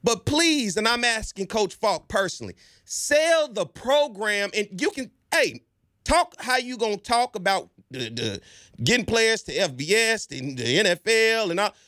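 A man's voice: high voice, big pitch swings, normal speed, pushed and bright, dry recording, studio quality. A man hosting a college sports fan show, talking in a casual, emphatic and persuasive way, often speaking straight to his listeners. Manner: slangy and conversational. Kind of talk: casual commentary monologue.

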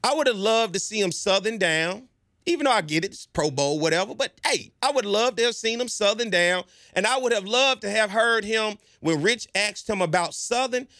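High, bright-voiced man hyping his team. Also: animated, moderate pace, no room sound, studio quality. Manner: emphatic, persuasive, often addresses listeners directly; slangy and conversational. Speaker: host of a college sports fan show. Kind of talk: casual commentary monologue.

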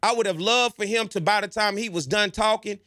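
Male sports fan-show host, high voice, slangy and persuasive, dry close sound. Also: a little fast, pushed and bright, dry recording. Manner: emphatic, persuasive, often addresses listeners directly; slangy and conversational. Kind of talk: casual commentary monologue.

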